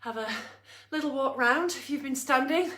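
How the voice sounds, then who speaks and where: A woman's voice: sits high, moderate pace, fairly bright tone. Woman fitness instructor, kinda breathless, cheering everyone on, roomy echo. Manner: upbeat coaching, counting down and cheering on. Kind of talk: online exercise class.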